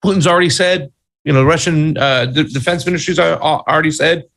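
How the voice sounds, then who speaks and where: Gravelly, exasperated man co-host. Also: fairly high pitch, brisk, a bit bright. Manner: exasperated, blunt, slangy. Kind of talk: political commentary chat.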